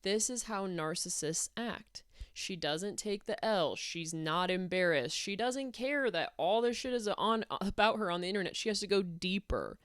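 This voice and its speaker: A woman's voice: medium pitch, expressive, moderate pace, hardly any pauses, clean tone, dry recording, studio quality. A woman delivering a heated, sarcastic rant to camera, blunt and swearing often. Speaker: YouTube commentator.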